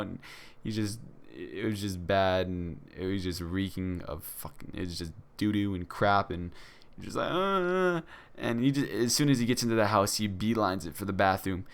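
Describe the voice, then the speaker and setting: A young man talks straight to his audience in a low, smooth voice. He rambles through a casual story, stacking fillers and restarting his sentences as he goes. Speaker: vlogger.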